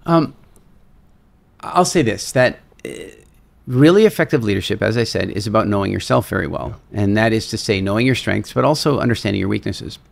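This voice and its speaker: A man who is a speaker and seminar leader, telling stories as a podcast guest and acting out quotes with lively energy. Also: fairly low pitch, fairly quick, creaky. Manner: animated storyteller, acts out quotes, repeats words. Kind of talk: storytelling in a podcast interview.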